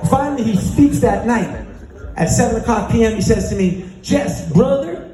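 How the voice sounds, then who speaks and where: A man's voice: sits high, mellow, a little hiss or hum. A man giving a motivational speech on a conference stage, telling a story with acted-out dialogue and call-and-response chants. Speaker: keynote speaker. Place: large conference hall on stage. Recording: echoey hall with music.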